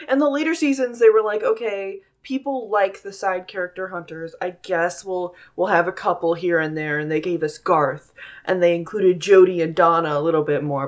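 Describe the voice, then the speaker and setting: A young woman co-hosting a casual podcast, discussing a TV series in a wry, sweary way, often trailing off quietly. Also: medium pitch. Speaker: podcast co-host. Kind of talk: casual chat reviewing a TV episode.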